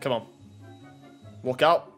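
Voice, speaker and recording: A young man giving excitable pack-opening commentary on a video game, bursting into shouts over big pulls. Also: takes it slowly, faint music behind. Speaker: gaming YouTuber.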